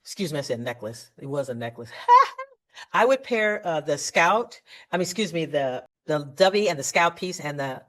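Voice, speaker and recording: A woman presents jewelry in a chatty, enthusiastic live showcase. Her voice sits a little low for a woman. She stumbles over words and corrects herself often as she talks. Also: animated, normal speed, fairly bright tone. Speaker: jewelry seller.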